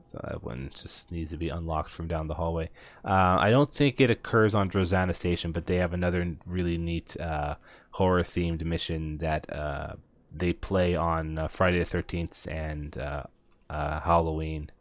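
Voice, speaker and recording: Low-voiced man rambling over gameplay. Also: no echo. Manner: rambling, many filler words. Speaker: let's play host. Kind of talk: casual gameplay commentary. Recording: dull lo-fi dry voice recording.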